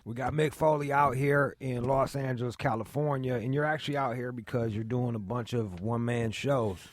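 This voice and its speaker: A man's voice: medium pitch, normal speed, dry recording. Profane laid-back male radio host. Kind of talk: casual radio talk. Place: radio studio in Los Angeles.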